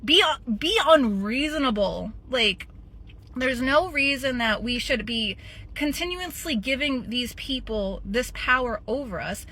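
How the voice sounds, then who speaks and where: Blunt, profane woman with a bright voice. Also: on the high side, animated, a little slow. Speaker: podcast host. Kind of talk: candid personal monologue.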